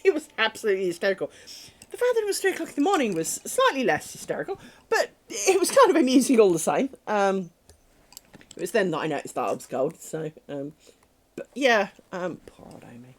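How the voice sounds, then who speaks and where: A British woman chatting casually on a crafts livestream, telling rambling, animated stories full of ums and the odd swear word. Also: medium pitch, brisk. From Britain. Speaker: crafts streamer.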